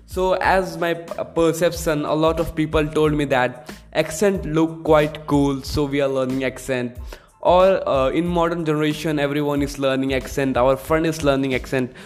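A man's voice: a little high, steady tone, moderate pace, soft background music. A man hosting his own solo podcast, explaining in an earnest, repetitive way. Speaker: podcast host.

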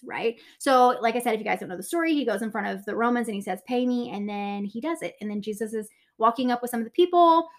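Young woman teaching the Bible casually, high-ish voice, keeps checking in with "right?". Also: a little fast, fairly bright tone. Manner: chatty, filler-heavy, asks "right?" often; acts out quotes in a lower voice.

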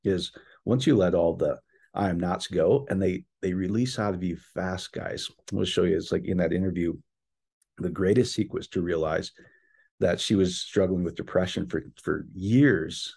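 Deep gravelly man giving an earnest faith talk. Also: a little mellow. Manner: earnest and enthusiastic, addresses listeners as guys, quick repetitions and restarts. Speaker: Christian teacher. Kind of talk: informal faith talk to an online audience.

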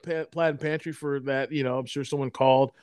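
A man's voice: medium pitch, steady tone, brisk, a little mellow, smooth, dry recording, clean studio sound. A man telling long, profane anecdotes in a casual chat, rambling with many restarts. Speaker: storyteller in a podcast chat.

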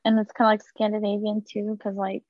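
A woman's voice: medium pitch, monotone, fairly quick, no room sound, dull audio. A woman co-hosting a podcast, trading playful, joking banter in casual chat. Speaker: podcast co-host.

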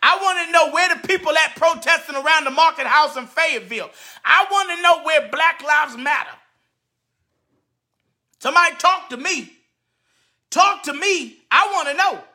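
A man, a radio host delivering an indignant, repetitive commentary rant and often shouting. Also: very high voice, moderate pace, long pauses.

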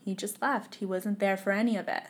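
A young woman recounts a painful memory as a podcast guest. Her voice is emotional and halting, at times sinking to a near whisper. She speaks in an everyday middle register. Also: mid-range voice, fairly even intonation. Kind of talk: emotional personal storytelling.

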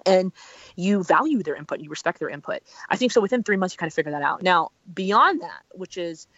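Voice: medium pitch, animated, a little fast, fairly bright tone, no echo. Earnest relationship consultant, dull dry audio. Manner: earnest, emphatic, many fillers and restarts. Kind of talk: podcast guest advice.

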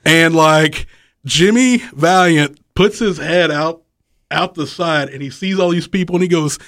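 Speaking at a measured pace in a voice on the high side, this man, a wrestling promoter guesting on a podcast, recounts a rowdy tale. Profanity flows freely, laughter comes often, and he animatedly acts out each character's lines. The sound is dry, clean studio audio.

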